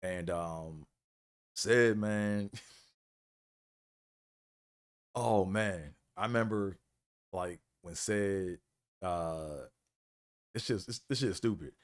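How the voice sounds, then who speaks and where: A man's voice: low voice, very slow, long pauses. A man hosting a live stream, telling college stories in a laid-back way, full of "man" and "you know". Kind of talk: casual storytelling.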